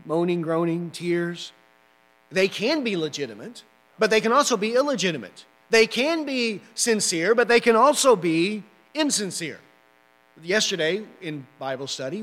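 A man's voice: high-pitched, fairly bright tone, big-room sound. A man preaching a sermon as pastor, emphatic and repetitive, often checking in with the listeners. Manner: emphatic preaching with repeated "right?" asides.

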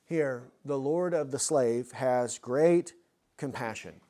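A man's voice: medium pitch, slow, dark tone. A man preaching an expository sermon, earnest and full of rhetorical questions.

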